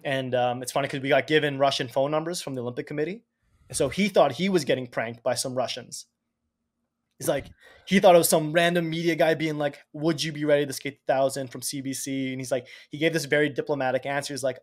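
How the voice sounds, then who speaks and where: Chatty man telling an animated story. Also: fairly high pitch, quick pace. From Canada. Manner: animated, swears casually, acts out quotes. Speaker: podcast guest, Olympic speed skater. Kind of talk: casual storytelling.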